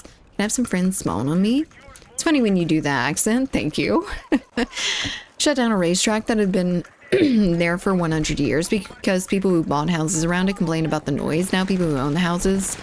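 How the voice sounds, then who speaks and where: A woman's voice: medium pitch, a little hiss or hum. A woman streaming a shooter game, chatting casually and rambling while breaking off to react to the gameplay and to her chat.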